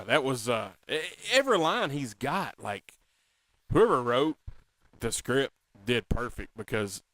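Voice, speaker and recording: Chatty guy on a talk show, middle pitch, dry close sound, gets excited retelling stuff. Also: no room sound. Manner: animated, quotes movie lines in a drawl. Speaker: podcast co-host. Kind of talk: casual chat.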